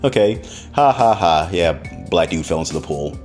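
A man with a low voice tells a story on his podcast, his pitch swinging widely as he gets worked up. He laughs often and swears without holding back, in a loose, casual way. Faint music plays underneath. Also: expressive, moderate pace, a little mellow. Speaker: podcast host.

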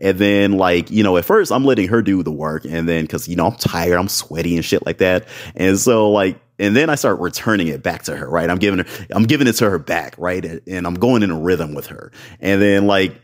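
Low-voiced and brisk, this man rambles through a story on his podcast, leaning on filler words, repeatedly asking "right?" and addressing the audience as "y'all".

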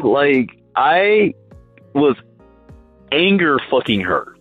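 A man's voice: medium pitch, normal speed, slightly rough, no echo. A man hosting a podcast, telling a story casually with lots of "like" and acted-out quotes. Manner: animated, lots of "like", acts out quotes. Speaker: podcast host. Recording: phone-like line with faint music.

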